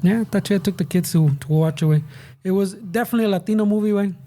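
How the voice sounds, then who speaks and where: A man's voice: high voice, racing, mellow. A man with a Mexican-American accent co-hosting a podcast in casual chat, talking in slangy, mixed Spanish and English. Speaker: podcast co-host.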